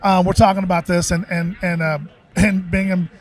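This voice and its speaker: A man co-hosting a live podcast from a sports bar, telling stories in an animated way and often cutting in with "listen". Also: high-pitched, moderate pace. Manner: animated, jumps in with "listen" and repeats himself. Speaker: podcast co-host. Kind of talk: lively storytelling at a live tailgate podcast.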